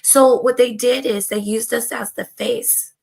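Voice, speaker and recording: A woman guest with a hoarse voice that is going out, explaining her point in casual discussion with many hesitations. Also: on the high side, steady tone, a little slow, a little mellow.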